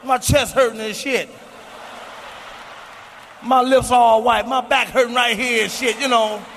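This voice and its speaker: A man in his forties doing a profane, boastful stand-up routine on stage, shouting his punchlines. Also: very high voice, fairly even intonation, unhurried. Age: 40s. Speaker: stand-up comedian. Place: comedy stage before a live audience. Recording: live hall recording with faint noise.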